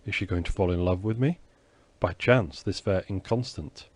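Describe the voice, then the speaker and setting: A man reading an audiobook, voicing a young swordsman who speaks in a gallant, theatrical and flattering way. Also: deep voice, moderate pace, no room sound. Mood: wry musing. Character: young male swordsman, ardent, flattering, sly.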